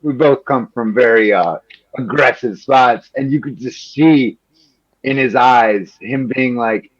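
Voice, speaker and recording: A man from Chicago, a journalist answering interview questions in an animated, quick way, full of "like" and little acted-out quotes. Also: mid-range voice. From Chicago, Illinois. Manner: animated, quick, peppered with "like", acts out quoted politicians. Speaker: journalist guest. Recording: slightly muffled lo-fi audio.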